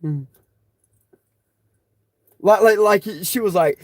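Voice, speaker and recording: A man's voice: a little high, unhurried, a little mellow, no echo, clean studio sound. A man chatting casually to viewers on his phone, joking, laughing often and swearing freely. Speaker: spiritual tarot channel host. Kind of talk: casual rambling chat to viewers.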